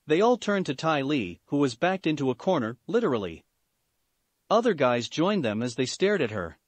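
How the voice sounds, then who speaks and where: Animated man reading a story. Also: a little high, moderate pace, no echo. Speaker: narrator. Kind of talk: fan-fiction story reading.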